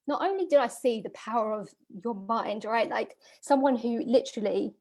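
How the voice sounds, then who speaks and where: During a masterclass talk, a business coach recounts a personal story, her delivery emotional and full of fillers and repetitions. She has a mid-range voice with a darkish tone.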